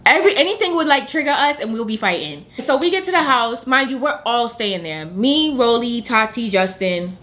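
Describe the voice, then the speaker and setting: A woman's voice: on the high side, animated, normal speed, hardly any pauses, a bit bright. A young woman, the host's best friend, telling her side of a story in an emphatic, slangy way with some swearing. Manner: emphatic, slangy and profane, talks straight to viewers. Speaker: guest, best friend of the host. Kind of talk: casual storytime chat.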